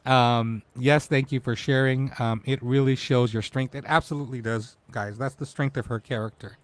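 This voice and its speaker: A man's voice: mid-range voice, steady tone, moderate pace. A man in his forties hosting a casual live-stream talk show, emotional and tearful as he speaks to his guest. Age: 40s.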